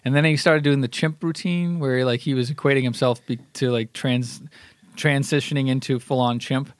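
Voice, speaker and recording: A man's voice: mid-range voice, fairly even intonation, normal speed, dry recording. A man co-hosting a casual podcast chat, blunt and rambling, swearing offhandedly. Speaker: podcast co-host.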